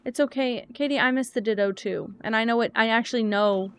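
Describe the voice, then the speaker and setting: A woman's voice: fairly high pitch, a little fast, clean tone. A woman streamer chatting casually while playing a game, rambling from thought to thought and answering her chat.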